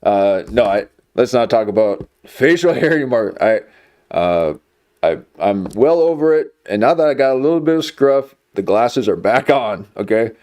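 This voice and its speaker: A man's voice: medium pitch, lively intonation, moderate pace, darkish tone. A man streaming, chatting casually in a rambling, jokey way. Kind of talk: casual chat.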